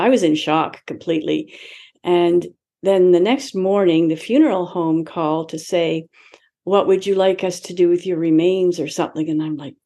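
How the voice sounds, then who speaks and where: A woman in her seventies with a lowish, warm voice appears as an interview guest, reflectively telling a personal story. She acts out her own past conversations and laughs lightly between remarks.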